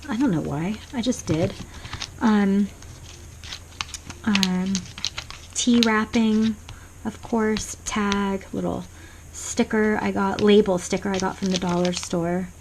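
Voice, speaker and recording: A woman's voice: medium pitch, fairly even intonation, takes it slowly, long pauses. Female craft vlogger, casual and meandering, mid-range voice, home desk recording with slight background noise. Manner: rambling and soft-spoken, many ums and restarts. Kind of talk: casual show-and-tell flip-through.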